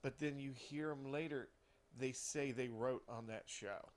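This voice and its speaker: A man who writes for television, talking casually and quietly as a podcast guest and airing a low-key gripe. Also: steady tone, measured pace. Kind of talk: casual chat.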